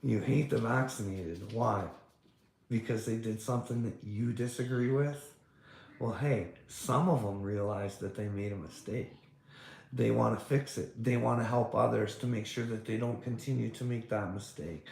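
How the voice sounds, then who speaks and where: A man's voice: mid-range voice, moderate pace, gravelly, darkish tone, roomy sound. A man talking casually in a rambling, profane rant, with frequent laughter and many fillers. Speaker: podcast host.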